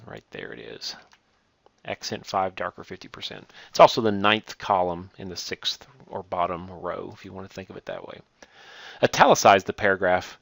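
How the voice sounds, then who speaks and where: A man teaching a software tutorial, reading each step aloud and then patiently demonstrating it, correcting himself as he goes. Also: fairly low pitch, gravelly, no echo. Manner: methodical, reads steps aloud then demonstrates; patient, self-correcting, relaxed. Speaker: instructor.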